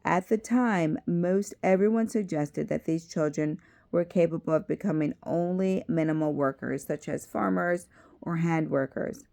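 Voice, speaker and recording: A woman's voice: fairly low pitch, unhurried, vocal fry, dark tone. A woman reading as a cheerful South African educator. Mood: earnest. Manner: upbeat and earnest.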